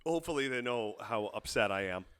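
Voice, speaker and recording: Male comedy co-host, mid-pitched voice with lively inflection, teasing and giggly. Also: fairly quick, smooth. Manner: teasing, giggly, deadpan jabs. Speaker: podcast co-host. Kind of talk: comedic improv banter.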